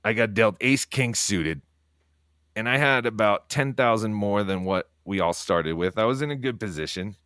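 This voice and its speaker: A man's voice: lowish voice, moderate pace, clean tone, dry recording, studio quality. A man livestreaming from home at night, telling rambling stories laced with profanity and keeping his voice down so he won't wake people. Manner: talking quietly so as not to wake others. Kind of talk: casual livestream monologue.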